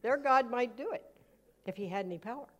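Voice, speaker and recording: A woman pastor giving a live sermon, telling stories with humor and acting out prayers loudly. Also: a little high, brisk.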